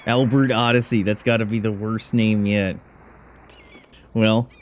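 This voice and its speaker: A man's voice: fairly low pitch, flat delivery, a little slow. A man giving casual, sardonic commentary while playing a video game, wisecracking about what's on screen. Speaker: let's play commentator.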